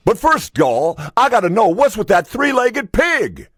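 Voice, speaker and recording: A man voicing an older country farmer who drawls and exclaims loudly. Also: sits high, big pitch swings, normal speed, husky, no room sound, studio quality, faint music behind, voice pushed up, exaggerated voice. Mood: boastful.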